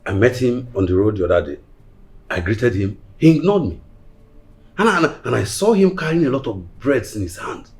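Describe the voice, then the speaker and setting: An actor playing the husband's concerned friend. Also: male voice, mid-range voice, big pitch swings, normal speed, a little mellow.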